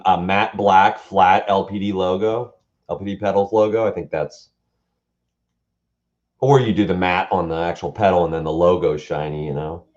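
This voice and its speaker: Low-voiced man co-host, dull audio. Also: fairly even intonation, moderate pace, a little mellow. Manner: short reactions, laughs a lot. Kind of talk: casual livestream chat.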